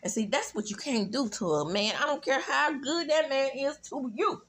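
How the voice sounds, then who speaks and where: A woman with a Southern accent hosting a casual reality TV recap, sassy and animated with profane asides. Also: sits high, moderate pace, slight background noise.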